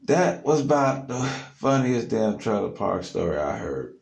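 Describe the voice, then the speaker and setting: Low gravelly guy telling a wild story, lots of ums, echoey room. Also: a little slow. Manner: animated, loose with fillers. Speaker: podcast host telling a story. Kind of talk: casual storytelling. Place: studio, alone.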